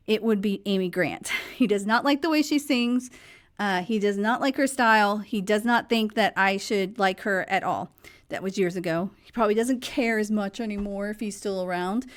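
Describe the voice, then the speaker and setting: A woman, hoarse and losing her voice, giving her opinions in a casual, chatty vlog. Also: mid-range voice. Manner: chatty, opinionated, faith-focused. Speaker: vlog host.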